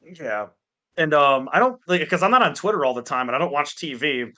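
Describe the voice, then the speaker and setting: A man talking over a voice call, ranting hard and swearing constantly. His voice sits a touch high and sounds bright and forceful. He drops into mocking impressions of the people he complains about. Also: animated, brisk. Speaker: podcast co-host. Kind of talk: casual chat. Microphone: Discord call.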